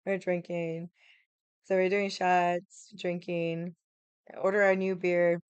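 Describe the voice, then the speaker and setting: Woman, low-pitched, smooth voice, blunt profane storytelling. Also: level tone, slow, no room sound, highs cut off. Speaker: vlogger. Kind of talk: casual storytelling. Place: home room with the AC running.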